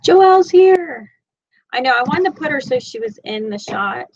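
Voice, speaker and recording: A woman's voice: a little high, a little fast, fairly bright tone, lo-fi sound. A woman with a Southern Florida accent, teaching a live-streamed sewing tutorial from home in a chatty, rambling, self-deprecating way. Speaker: sewing instructor. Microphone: computer mic.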